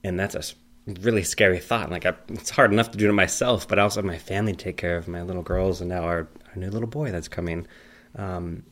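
Telling family anecdotes in a loose, rambling chat, a man in his thirties talks fast. His quoted voices are lively and pitched high.

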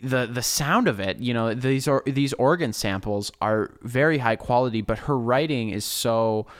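A man's voice: mid-range voice, moderate pace, no room sound, studio quality. A man co-hosting a casual podcast, explaining the music he picked in thoughtful detail. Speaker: co-host.

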